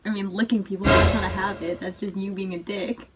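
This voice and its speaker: A woman's voice: medium pitch, level tone, fairly quick, loud music behind the voice. Young woman host, giggly, chatty storyteller. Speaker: channel host. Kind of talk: casual chat.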